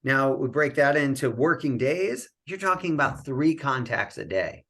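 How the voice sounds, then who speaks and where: A man talking as a guest in a podcast interview, coaching in an animated way and often ending his points with a quick "right?". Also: mid-range voice. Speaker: real estate coach, guest.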